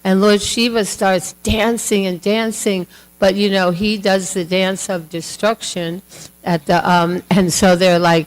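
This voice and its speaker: A woman's voice: mid-range voice, flat delivery, measured pace, poor audio. A woman telling a devotional story to a class in a chatty, casual way with many fillers, acting out the voices. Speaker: class speaker.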